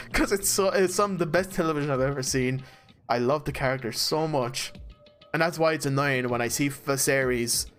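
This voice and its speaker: A man in casual chat over a voice call, rambling and excitable, swearing and laughing often. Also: mid-range voice. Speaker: let's play co-host. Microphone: voice chat mic.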